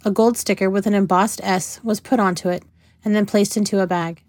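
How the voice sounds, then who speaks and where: A woman narrating a novel in a measured, even reading. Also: medium pitch, no room sound, clean studio sound. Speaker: audiobook narrator. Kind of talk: scripted narration.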